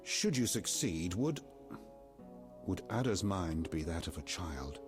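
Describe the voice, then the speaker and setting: A stern, deep-voiced king. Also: lively intonation, over music. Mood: commanding. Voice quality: commanding, measured, menacing. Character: stern middle-aged king, threatening and commanding. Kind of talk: video game dialogue.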